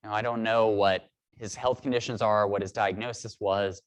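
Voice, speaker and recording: A man in his thirties preaching a sermon in a church, telling a reflective story at a measured pace with pauses. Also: fairly low pitch, fairly even intonation. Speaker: priest.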